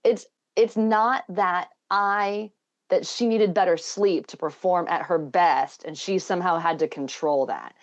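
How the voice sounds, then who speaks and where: A woman with a somewhat low voice talks in earnest, thoughtful stretches that wander a little as she goes. The sound is dull and lo-fi, like a remote call. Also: unhurried. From Scotland. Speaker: podcast guest, engineer and math educator. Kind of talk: casual interview chat.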